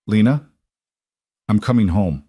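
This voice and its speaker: A gentle but firm grieving father, as a male narrator voices him, measured and careful with every word. The voice is low and close, with a dry sound. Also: lively intonation, no room sound. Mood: resolute.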